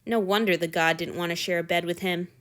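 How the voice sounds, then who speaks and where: A woman narrating a fan fiction story aloud in a steady, even reading voice. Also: lowish voice, brisk.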